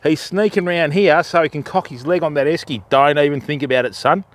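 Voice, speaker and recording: A man's voice: on the high side, fairly even intonation, brisk. A man with an Australian accent hosting a fishing livestream from a campsite, chatting casually with his viewers. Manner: easygoing, chatty, laid-back Aussie banter. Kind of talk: casual live chat with viewers. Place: outdoors at a riverside campsite.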